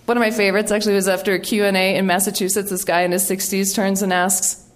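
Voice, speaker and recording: A middle-aged woman from the United States, an author giving a storytelling talk in a wry, animated way with quoted voices. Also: mid-range voice, quick pace.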